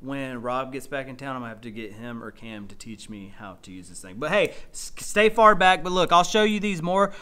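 A man, chatting excitedly as he shows off his finds in a casual vlog. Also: mid-range voice, fairly quick, hardly any pauses, smooth. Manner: excitable, chatty, says y'all. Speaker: storage unit reseller vlogger. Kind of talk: casual show-and-tell vlog.

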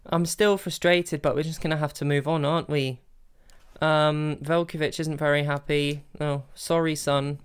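A young man commentating his own football video game, bursting into exasperated shouts and then settling into calm planning. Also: fairly high pitch, clear, resonant tone. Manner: excitable, swings between exasperated outbursts and calm planning. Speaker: gaming video creator. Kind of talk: live gameplay commentary.

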